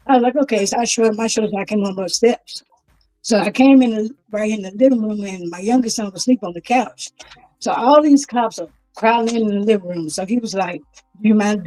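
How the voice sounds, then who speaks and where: A woman's voice: medium pitch, warm tone, low-quality recording. A woman telling of her son's death in a plain, storytelling way, acting out what the police said to her. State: grieving, voice rising with distress. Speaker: guest, grieving mother. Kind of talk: personal testimony in an interview.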